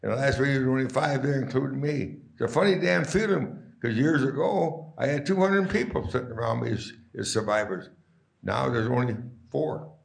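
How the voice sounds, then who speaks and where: Gravelly old man telling stories. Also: medium pitch, normal speed, roomy sound. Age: 90s. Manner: rambling, chuckling. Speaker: guest speaker. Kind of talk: folksy storytelling to a live audience.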